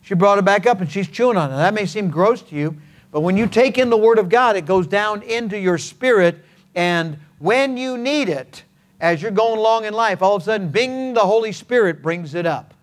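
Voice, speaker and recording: A man's voice: high voice, lively intonation, moderate pace. A man preaching a sermon as pastor, in a folksy, conversational way with homespun examples and playful sound words. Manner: frequent hesitant fillers and restarts.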